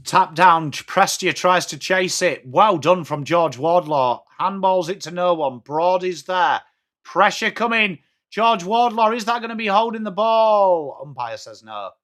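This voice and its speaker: An English man with a high, bright, sharp-edged voice hosts a live watch-along stream. He calls the play as it happens, then drops into chatty replies to his viewers. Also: unhurried. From England. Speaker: livestream host.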